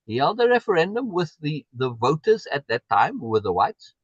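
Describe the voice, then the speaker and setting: A man's voice: on the high side, big pitch swings, moderate pace, husky, no room sound, dull audio. A man hosting a live stream, talking in an emphatic way and repeating words for stress as he answers viewer comments. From South Africa. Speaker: livestream host.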